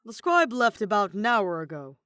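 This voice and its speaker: A woman reading a male tavern keeper who speaks loudly and matter-of-factly. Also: medium pitch, sing-song, normal speed, no echo, studio quality, pitched above the performer's own voice. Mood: blunt. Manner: loud, matter-of-fact. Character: blunt male tavern keeper, plain-spoken.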